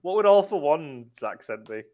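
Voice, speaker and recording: A man's voice: a little high, big pitch swings, moderate pace, mellow. A man chatting and joking with a co-host on a gaming stream. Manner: laughing, joking. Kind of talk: casual gaming stream chat.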